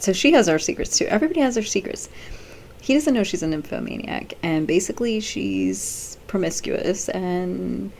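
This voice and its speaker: A woman's voice: on the low side, a little mellow, slight background noise. Rambling middle-aged woman vlogger. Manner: rambling, off-the-cuff, many fillers. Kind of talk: casual chat.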